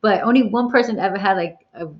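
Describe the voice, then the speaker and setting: Candid, animated woman on a lo-fi livestream. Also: medium pitch, fast talker. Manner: candid, animated, swears freely. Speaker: livestream host. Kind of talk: casual livestream Q&A chat. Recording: dull lo-fi livestream audio.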